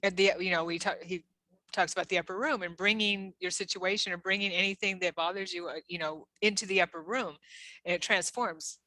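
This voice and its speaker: Female podcast host, bright, lower-pitched voice, dry sound, encouraging. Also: steady tone, a little fast, dry recording. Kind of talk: casual interview chat.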